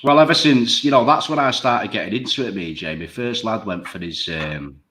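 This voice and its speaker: A man's voice: on the low side, normal speed, sharp tone. A man talking bluntly and emphatically in a casual chat show, swearing freely.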